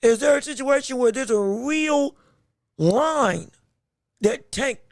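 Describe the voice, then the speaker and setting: A man hosting a solo podcast, talking in an excitable, rambling way, often repeating words, with a voice that is straining and going hoarse. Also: extremely high pitch, slow, dry recording, studio quality. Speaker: podcast host.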